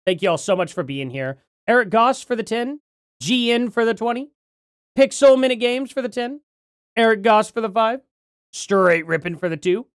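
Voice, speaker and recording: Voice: mid-range voice, no echo. Casual streamer at home reading donos, voice jumps up and down a lot, dry close sound. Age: adult parent. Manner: rambling, self-correcting, chatty. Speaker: livestream host. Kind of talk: casual livestream chat reading donations.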